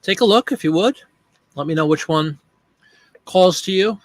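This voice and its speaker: A man's voice: sits high, moderate pace, dry recording. Chatty man hosting a live stream. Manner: chatty, thinks aloud while working, addresses viewers by name. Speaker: live-stream host and online seller. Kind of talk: casual live-stream chat.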